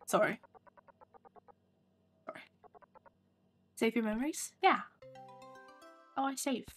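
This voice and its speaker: A woman's voice: mid-range voice, moderate pace, creaky, long pauses, slightly rough, soft background music. A woman with an Australian accent streaming a game, commenting casually, swearing often and breaking into sudden yelps and laughs. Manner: excitable, swears a lot, bursts into yelps and laughs.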